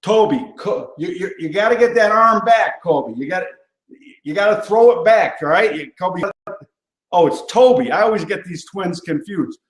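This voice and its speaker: A man's voice: high voice, animated, moderate pace. A man voicing a blustery cowboy bull-riding coach in a put-on rodeo drawl. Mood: bossy. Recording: roomy echo.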